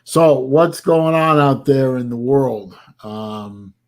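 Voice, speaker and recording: An older man from Florida, hosting an easygoing livestream, speaks slowly in a mid-range voice. Yawning and tired, he rambles and fills his talk with fillers.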